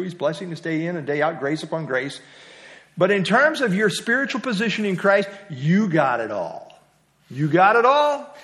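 A man's voice: high voice, a bit bright. A middle-aged man teaching an evening Bible study in a conversational way, asking his listeners questions. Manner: conversational, asks the group questions.

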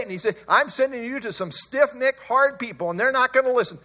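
A man's voice: extremely high pitch, animated, quick pace, few pauses, sharp tone. A male pastor giving an expository Bible sermon, earnest and emphatic, often repeating key phrases and chuckling.

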